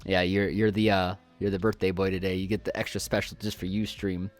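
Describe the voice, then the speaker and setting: A man's voice: low voice, little pitch movement, brisk, dry recording, faint music behind. Chatty man streaming a game. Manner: chatty, jokey, thinks aloud while playing. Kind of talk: casual live game commentary.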